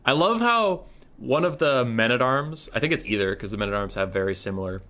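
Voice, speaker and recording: Young male tournament caster, bright tone, loose joking delivery with casual swearing. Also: mid-range voice, lively intonation, a little fast. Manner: rambling, joking, swears freely. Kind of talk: casual game commentary.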